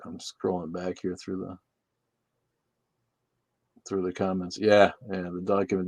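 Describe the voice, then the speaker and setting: A man's voice: low voice, completely flat delivery, unhurried, long pauses, a little mellow, no room sound. A man co-hosting a casual livestream, talking in a crude, playful way. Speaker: livestream co-host.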